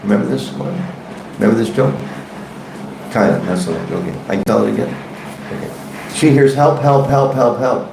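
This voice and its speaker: A man's voice: fairly low pitch, fairly quick, vocal fry, pauses often, noisy background. A man teaching a devotional scripture class in a temple hall, conversational and joking, questioning his audience. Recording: echoey room.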